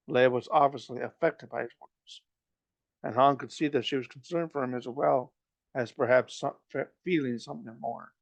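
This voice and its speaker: Man with a gravelly, halting read. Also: mid-range voice, fairly even intonation, dry recording, highs cut off. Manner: halting, with frequent restarts and slips. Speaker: reader. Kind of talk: reading a novel aloud.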